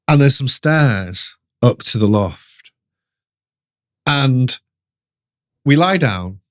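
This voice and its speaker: A middle-aged man telling a ghost story in an interview, animated, laughing often and restarting his sentences. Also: mid-range voice, drawn-out words. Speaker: guest storyteller.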